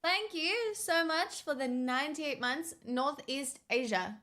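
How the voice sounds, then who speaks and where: A woman's voice: high voice, animated, slow, sharp tone. A young woman streaming, chatting casually with her viewers in a sarcastic, bantering way. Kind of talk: casual livestream chat.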